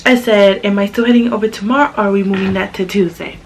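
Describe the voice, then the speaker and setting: A sassy young woman chats to the camera about a rough babysitting job, animated and full of attitude. Her voice sits at an ordinary middle pitch and jumps up high when she quotes people. A faint hiss of noise runs under her voice. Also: fast talker, poor audio. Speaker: vlogger. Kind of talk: casual storytime chat.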